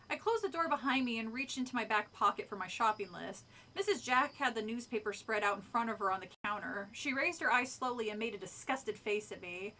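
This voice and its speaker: Bright, chatty woman reading aloud. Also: on the high side, fairly quick, few pauses. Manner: chatty, animated, often breaks off to comment. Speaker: streamer reading a book aloud. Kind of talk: casual live reading with chat.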